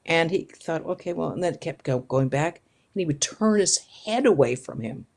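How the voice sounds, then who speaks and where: A woman, a nun giving a storytelling talk, who speaks in a lively way and acts out the voices she quotes. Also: low voice, normal speed.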